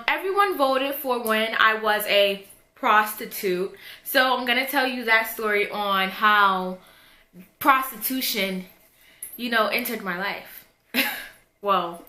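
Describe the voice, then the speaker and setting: A woman's voice: mid-range voice, pushed and bright, reverberant. A young woman telling a personal story in a chatty, slangy, candid storytime vlog. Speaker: vlogger. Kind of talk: casual storytime.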